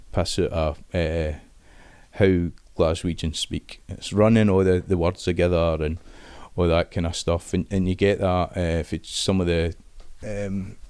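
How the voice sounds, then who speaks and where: Casting note: Scottish man, middle-aged, low voice, dry close sound, chatty interview guest who restarts his sentences. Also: darkish tone, no echo. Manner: casual, thinking aloud with frequent restarts. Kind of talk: conversational interview.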